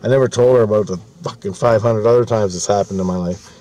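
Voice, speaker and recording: A man's voice: on the low side, fast talker, mellow. A man telling a story casually, rambling, swearing often and restarting his sentences. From Canada.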